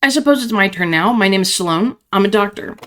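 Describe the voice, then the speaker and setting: A woman's voice: mid-range voice, expressive, natural voice. A woman voicing a solemn, pious male doctor. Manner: solemn, measured, reverent.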